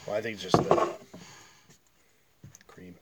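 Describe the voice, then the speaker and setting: A wry man from Canada trades offhand, crude jokes during a beer tasting. His voice sits a little low. Heavy background noise covers the recording. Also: level tone, measured pace. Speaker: beer podcast co-host. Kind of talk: casual chat over beer tasting. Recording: very noisy home recording.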